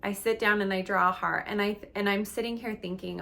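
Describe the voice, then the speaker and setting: Brief: female coach, gravelly vocal fry, candid and emotional storyteller, chatty fillers. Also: mid-range voice, steady tone, a little fast, few pauses, pushed and bright. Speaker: relationship and meditation coach. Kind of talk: personal storytelling in a coaching talk.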